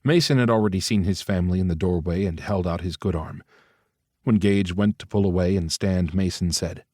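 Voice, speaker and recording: A man narrating an audiobook in a measured, even storytelling manner. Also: deep voice, breathy edge, no room sound. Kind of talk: scripted narration. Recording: dry close studio mic.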